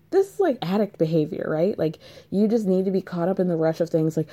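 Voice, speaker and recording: Low, mellow woman, sarcastic chatter. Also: brisk. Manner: chatty, sarcastic, swears freely, many "like" fillers. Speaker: reality TV recap commentator. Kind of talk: casual commentary.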